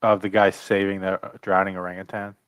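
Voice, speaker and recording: A man's voice: low voice, little pitch movement, a little fast, fairly bright tone, clear, resonant tone, no room sound. A young man co-hosting a casual podcast, telling a story in a laid-back way. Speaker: podcast co-host. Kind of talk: casual chat.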